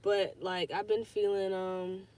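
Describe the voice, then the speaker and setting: A woman's voice: mid-range voice, level tone, measured pace, darkish tone. A young woman hosting a casual podcast livestream, rambling and swearing as she thinks aloud, with lots of fillers. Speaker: podcast host.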